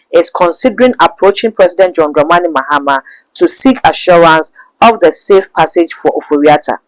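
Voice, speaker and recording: A man's voice: on the high side, dry recording, low-quality recording. A man hosting a talk show, chatting and reading statements aloud. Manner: reads documents aloud, conversational.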